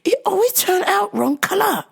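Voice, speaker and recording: A fussy little old mother , played by a woman, complains in a shrill, halting broken English. Her pitch leaps high and swoops about. She scolds and whines in the same sing-song breath. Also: big pitch swings, vocal fry, heavily acted. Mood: whiny complaint. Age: older.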